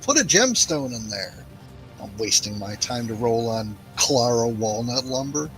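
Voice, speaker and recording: A man's voice: medium pitch, expressive, measured pace, a bit bright, faint music behind, rough recording. A man chatting casually while playing an online game, ranting sarcastically about bad advice. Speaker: gamer playing online with a friend. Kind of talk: casual gaming chat.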